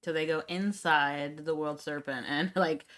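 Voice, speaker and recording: A woman's voice: deep voice, steady tone, measured pace, a bit bright. A woman co-hosting a book club podcast, chiming in casually with short remarks. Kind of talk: casual chat about a book.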